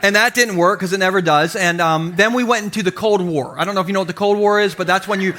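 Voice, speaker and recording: Bright-voiced, high-pitched male pastor. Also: fast talker, slight background noise. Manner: animated, self-deprecating, acts out quotes. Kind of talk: humorous storytelling sermon. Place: church stage before a congregation.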